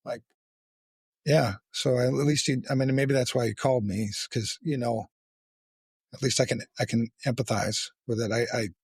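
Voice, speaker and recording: Man, podcast host, gravelly, breathy edge, blunt and profane, dry close sound. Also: mid-range voice, dry recording. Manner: blunt, frequent swearing, halting restarts. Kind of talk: candid casual conversation.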